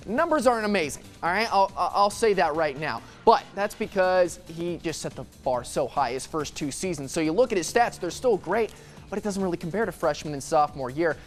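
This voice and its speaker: A young man co-hosting a sports debate show, playful and quick to joke while making his case. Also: high voice, faint music behind. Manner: animated, playful, laughs and jokes.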